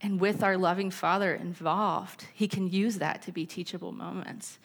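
A woman's voice: lowish voice, steady tone, normal speed. Candid woman teaching on parenting. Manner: candid, anecdotal, with scripture quotes. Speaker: church speaker on parenting. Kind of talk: sermon-style teaching talk.

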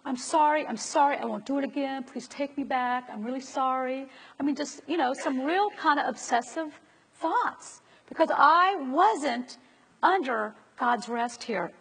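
A woman's voice: sits high, vocal fry, fairly bright tone. A woman preacher giving a conversational sermon and asking her listeners rhetorical questions. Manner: asks the audience rhetorical questions. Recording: long reverb of a large hall.

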